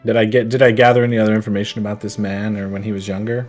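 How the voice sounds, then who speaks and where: A man in a tabletop game session, talking in a casual, easygoing way with a slightly low voice. Faint music runs behind him. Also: little pitch movement, very fast, darkish tone. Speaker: player.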